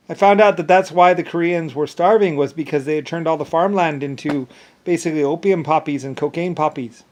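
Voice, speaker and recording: A man's voice: fairly high pitch, fairly quick, darkish tone. A man in a rambling, angry monologue that keeps repeating itself and often stumbles over restarts. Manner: angry, repetitive ranting with profanity.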